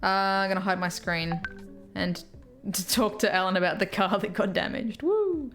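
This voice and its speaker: A young Australian woman chats casually on a live stream, answering comments one after another and laughing often. Her voice sits in a middle pitch, with faint music running behind her. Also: fairly even intonation, moderate pace, fairly bright tone. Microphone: headphones with mic.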